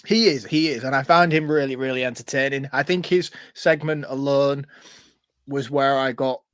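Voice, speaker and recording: Blunt man, mid-pitched, dry sound. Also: moderate pace, smooth, dry recording. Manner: blunt, expressive, swears freely. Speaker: podcast co-host. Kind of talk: casual film review chat.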